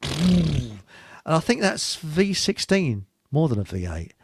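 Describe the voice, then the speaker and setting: A British man hosts a casual chat show, joking, rambling and reading out viewer comments with quick laughs. His fairly high voice has a sing-song quality, and there's noise in the background.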